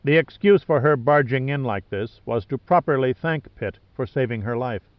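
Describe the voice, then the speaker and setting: A man narrates an adventure novel in a steady, measured way, at a mid pitch. The recording is dull and lo-fi, and very dry. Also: no room sound. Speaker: audiobook narrator. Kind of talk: scripted narration.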